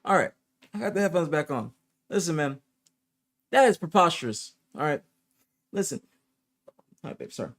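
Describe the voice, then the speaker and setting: A man hosting a live stream from his home setup, talking in casual chat. His voice sits on the higher side, and he rants in loud disbelief with plenty of swearing. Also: lively intonation, moderate pace, pauses often. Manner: incredulous, ranting, heavy swearing. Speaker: streamer host.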